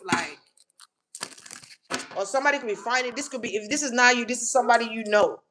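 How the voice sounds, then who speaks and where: A woman's voice: on the high side, quick pace, a crowd in the background. A woman giving a casual collective tarot reading, blunt and slangy, swearing freely and repeating words for emphasis. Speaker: tarot reader.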